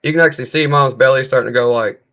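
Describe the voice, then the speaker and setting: A man's voice: mid-range voice, rapid-fire, a bit bright, muffled recording. A man hosting a casual livestream chat, laid-back and swearing freely as he tells stories. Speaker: livestream host. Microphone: video call setup.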